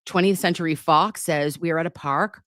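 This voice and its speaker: Speaking at normal speed in a low-pitched, fairly bright voice, a nurse streamer in her forties reads out comments from her viewers, whom she calls babe. Her manner is chatty and giggly, at times flustered. The computer-mic audio is studio quality with no echo.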